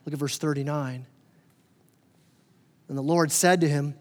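High-voiced pastor in a reverberant church. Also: male voice, steady tone, unhurried, pauses often. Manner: conversational, playful, acts out quoted characters. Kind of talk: sermon. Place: church sanctuary. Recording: long hall reverb.

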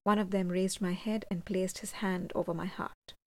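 A woman reading a first-person gothic story aloud, measured and slowing for suspense. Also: on the low side, steady tone, a little mellow. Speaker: audiobook reader.

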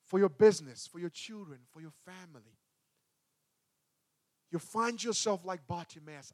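A man preaching a sermon as a pastor, with emphatic delivery that swings between loud and hushed. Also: sits high, moderate pace, pauses often, dry recording, clean studio sound.

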